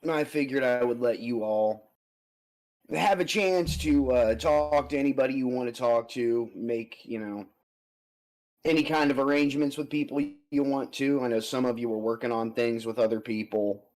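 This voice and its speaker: A man's voice: medium pitch, normal speed, darkish tone, rough recording. A man acting as game master for an online tabletop game, talking in an easygoing, chatty way and laughing often.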